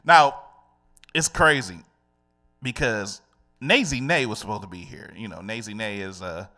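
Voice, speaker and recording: A man's voice: fairly low pitch, measured pace. A man hosting a radio show in casual, slangy, joking talk with a sing-song delivery. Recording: loud hip hop music behind. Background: loud hip hop music.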